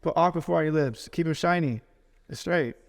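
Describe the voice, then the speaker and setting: A man with a fairly high voice trades slangy jokes in a relaxed podcast chat. The room around him rings with a long reverb. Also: brisk. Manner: joking, slangy banter. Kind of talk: casual chat.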